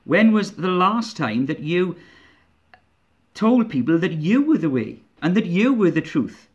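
Earnest preacher man, higher voice. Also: sing-song, unhurried. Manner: repeats rhetorical questions, earnest and emphatic. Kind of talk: sermon. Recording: dull lo-fi recording.

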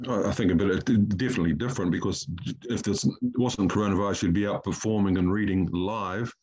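A male poet from New Zealand, reading his own poetry slowly and deliberately and then chatting about it. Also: lowish voice, steady tone, a little mellow, breathy edge, rough recording.

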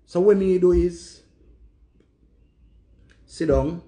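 A grieving Jamaican man speaks in a somewhat high voice, leaning on words and repeating lines for weight. He talks in heavy patois, an emphatic monologue to the camera. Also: slow pace, dark tone. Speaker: vlogger.

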